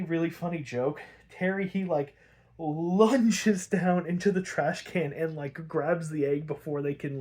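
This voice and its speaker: A man hosting a podcast, giving a casual, animated recap full of "like" and fillers, with some swearing. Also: on the high side. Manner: animated, chatty, frequent "like" and fillers, swears freely. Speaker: podcast host.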